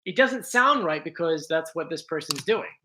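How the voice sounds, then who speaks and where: A man's voice: on the high side, animated, normal speed, very noisy. A man hosting a casual livestream, chatting to viewers with frequent restarts and apologetic asides. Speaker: host.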